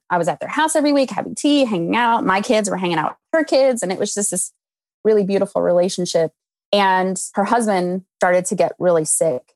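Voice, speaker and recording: A woman in her thirties telling a personal faith story, animated, laughing often and acting out what people said. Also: fairly low pitch, no room sound. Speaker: guest. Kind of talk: storytelling testimony.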